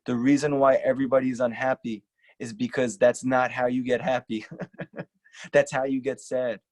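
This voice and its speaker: A rabbi giving an earnest, emphatic lecture and repeating short lines for stress. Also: male voice, medium pitch, little pitch movement, normal speed, a little mellow. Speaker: rabbi teaching a class. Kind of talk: earnest sermon-style lecture.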